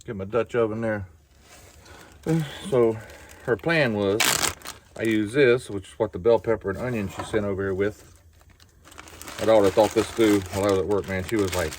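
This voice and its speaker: A man's voice: on the low side, fairly quick, long pauses. A middle-aged man with a Southern US accent chatting folksily to a nearby camera as he cooks at a winter campsite, with outdoor noise and a sizzling pan. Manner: folksy, chatty, talks while cooking. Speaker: outdoor vlogger. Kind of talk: casual cooking chat to camera. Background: outdoor ambience and frying food.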